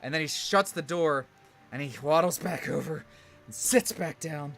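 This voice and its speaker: Man as game master narrating a tabletop game, bright and rambling. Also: on the high side, moderate pace, creaky, soft background music. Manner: rambling, animated narration with fillers.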